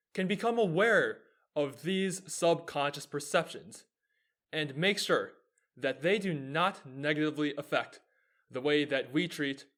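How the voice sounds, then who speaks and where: An earnest young man in his twenties delivers a scripted explainer as the host of his own show. His voice sits a little on the high side, and he sets up rhetorical questions only to answer them himself. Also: fairly bright tone.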